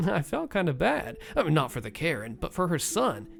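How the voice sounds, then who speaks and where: A man's voice: a little high, huge pitch swings, normal speed, gravelly, music in the background. A man hosting a podcast, reading online stories aloud with wry, exasperated asides. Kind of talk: storytelling narration with casual commentary.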